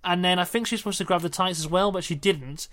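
A man's voice: high voice, fast talker, fairly bright tone. A young man co-hosting a podcast, casually recapping in a wry, rambling way. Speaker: podcast co-host. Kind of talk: casual chat reviewing wrestling.

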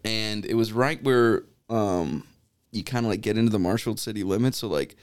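A man's voice: lowish voice, normal speed, clean tone. A young man in casual podcast chat, telling stories and acting out the people in them. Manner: animated storyteller acting out quoted voices.

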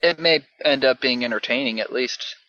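A man's voice: medium pitch, moderate pace, pushed and bright, no echo. A man chimes in with short, offhand remarks during a casual movie chat. His voice sits in the middle of the range and sounds dull and lo-fi.

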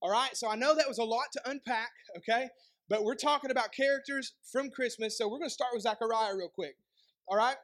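A young pastor with a Southern East Tennessee accent preaches a sermon in a strikingly high voice for a man, with a slightly bright tone. He keeps it conversational, tossing rhetorical questions and quick joking asides to the congregation.

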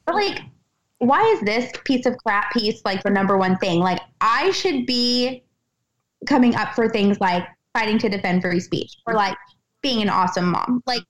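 A woman in her thirties from Texas, guesting on a podcast and talking in an excitable, animated way with lots of fillers. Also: a little high, normal speed, low-quality recording. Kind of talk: casual podcast chat.

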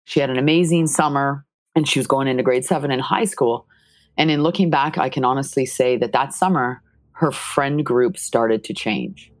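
Very low-voiced mother telling her story. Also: dry recording. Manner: earnest, retelling scenes with quoted dialogue. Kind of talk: emotional personal account.

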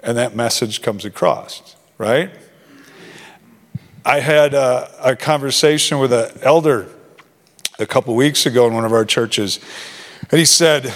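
A man's voice: mid-range voice, unhurried, pauses often. A man preaching to a youth ministry in a conversational way, often acting out short quoted exchanges. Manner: conversational, acts out quoted dialogue. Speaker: pastor. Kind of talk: sermon. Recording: long hall reverb.

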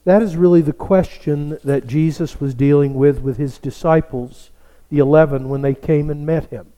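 A male pastor preaching a sermon, telling a story slowly and dropping to a hush for emphasis. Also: fairly high pitch, fairly even intonation, long reverb tail. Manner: slow, storytelling delivery that drops to a hush for emphasis.

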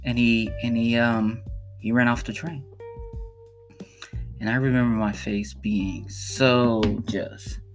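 A man's voice: mid-range voice, steady tone, slow pace, pauses often, soft background music. A young man from Chicago hosting a podcast, telling a personal story in an earnest, emphatic way and repeating phrases for emphasis. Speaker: podcast host.

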